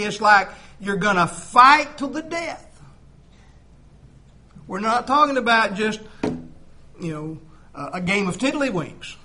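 Emphatic high-voiced male preacher. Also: a bit bright. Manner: emphatic, rising and dropping volume, rhetorical questions. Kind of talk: sermon.

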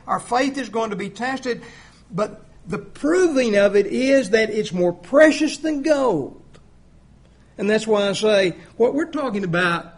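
Emphatic high-voiced male preacher. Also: slightly rough. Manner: emphatic, rising and dropping volume, rhetorical questions. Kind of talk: sermon.

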